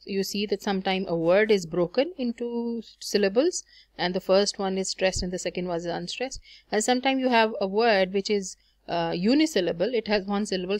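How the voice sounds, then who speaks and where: A woman's voice: mid-range voice, no room sound, studio quality. A woman teaching a recorded lesson on poetic meter, explaining step by step, counting through examples with frequent fillers. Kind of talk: recorded lecture on poetry.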